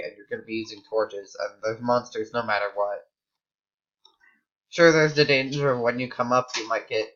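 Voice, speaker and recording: An American man chatting through a game in loose, rambling tangents. His voice is bright and forward, with a mid-range pitch, and the home mic sounds slightly dull. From United States. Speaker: gaming YouTuber. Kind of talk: casual gameplay commentary.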